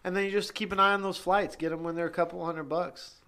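A man in casual chat, easygoing and offering relaxed advice. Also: sits high, fast, clear, resonant tone.

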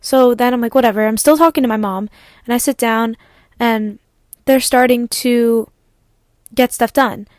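A young adult woman hosting a podcast, telling a story in casual, animated, exasperated venting and acting out her own replies. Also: on the high side, normal speed, pauses often, no room sound, studio quality. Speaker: podcast host.

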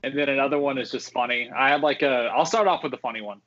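A man's voice: mid-range voice, fast talker, fairly bright tone, lo-fi sound. A man on a podcast, casually recounting stories from his old custodial job, full of fillers and restarts. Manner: rambling, many fillers and restarts. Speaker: guest, former theme park custodian.

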